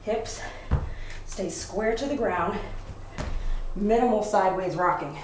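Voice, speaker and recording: A woman's voice: medium pitch, slow pace, far from the mic. A woman instructor calling out exercise cues while doing the workout herself, breathing hard as she moves. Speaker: fitness instructor. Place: home workout space. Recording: roomy, from off the mic, noisy.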